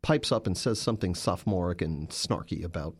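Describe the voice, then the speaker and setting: A man's voice: low voice, animated, brisk, husky. A man, a journalist and author, answering interview questions with emphatic, storytelling narration.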